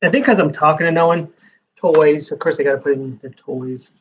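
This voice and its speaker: A man's voice: a little high, fairly quick, fairly bright tone, muffled recording, slight background noise. A man giving rambling live-stream commentary while flipping through a comics preview magazine, with sarcastic asides.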